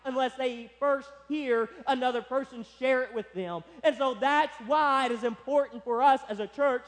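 High-voiced man preaching in a reverberant hall. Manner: emphatic preaching, slowing and stressing key words. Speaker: pastor. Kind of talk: sermon. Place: church sanctuary.

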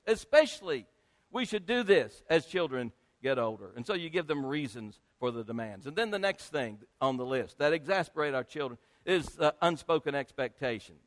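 A male pastor preaching a sermon to his congregation, speaking emphatically and rising to loud peaks. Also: on the high side, lively intonation, normal speed. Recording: long hall reverb.

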